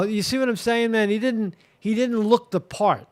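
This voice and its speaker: A man's voice: high-pitched, big pitch swings, moderate pace. A man hosting a live commentary show, talking casually with many fillers, restarts and crude language. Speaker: show host.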